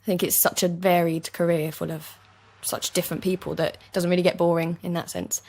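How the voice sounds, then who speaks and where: A woman's voice: lowish voice, level tone, gravelly, darkish tone. A young woman from East London with an East London accent, a chatty and agreeable actor guest talking in an interview. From East London, England. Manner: chatty, agreeable, quick to laugh. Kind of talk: casual interview chat. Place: basement recording studio.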